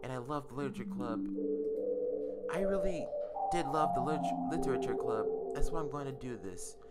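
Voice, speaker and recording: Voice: mid-range voice, animated, fairly quick, close to an everyday voice. A streamer reading aloud as a desperate, lovestruck young female game character, pleading and remorseful, with game music behind. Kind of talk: read-aloud game dialogue.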